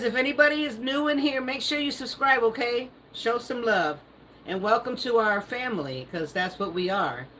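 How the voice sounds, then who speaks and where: A woman's voice: mid-range voice, fairly bright tone, slight background noise, low-quality recording. Woman, livestream host, casual comment-reading chat, teasing, laughs a lot. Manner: playful, teasing, laughs often.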